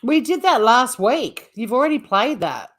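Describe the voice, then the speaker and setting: A woman, co-hosting a comedy news show and telling stories in a lively, teasing way. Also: fairly high pitch, moderate pace. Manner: animated, teasing storyteller. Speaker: co-host. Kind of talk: casual comedic news chat.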